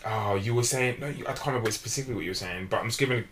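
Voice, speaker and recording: A young man in casual chat, talking deliberately and explaining himself at length as a podcast co-host. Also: mid-range voice, fairly bright tone, slight background noise.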